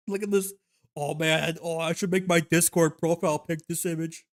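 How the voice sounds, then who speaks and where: A man hosting a livestream, reacting to videos with rapid, profane, exasperated commentary. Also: a little high, fairly even intonation.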